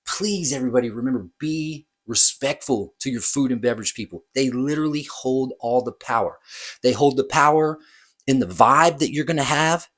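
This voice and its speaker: Husky man telling a bar story. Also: medium pitch, moderate pace, fairly bright tone. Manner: rambling, hesitant, self-correcting. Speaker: bartender. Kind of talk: casual storytelling.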